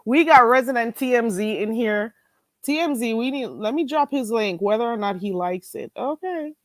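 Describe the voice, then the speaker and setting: A livestream host with a Jamaican accent speaks at normal speed in a fairly high voice, recorded dry. She reads chat comments aloud in a casual, animated way, laughing and exclaiming at them.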